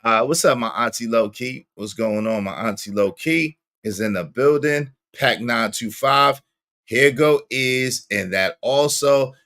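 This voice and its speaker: A man hosting a casual livestream, greeting viewers by name, with sudden jumps into squeaky high tones. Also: unhurried, fairly bright tone. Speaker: livestream host.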